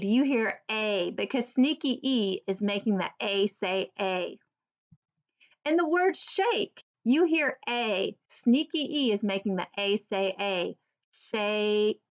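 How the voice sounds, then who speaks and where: A woman teacher giving an early reading lesson for children, slowly and clearly sounding out each word. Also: fairly high pitch, animated, highs cut off.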